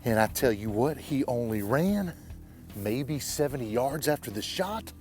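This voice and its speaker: A man's voice: medium pitch, lively intonation, a little slow, a little mellow, faint music behind. A man who is a bowhunter, narrating his hunt in short, plain spoken phrases, talking outdoors in the woods. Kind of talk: hunting show narration and field talk.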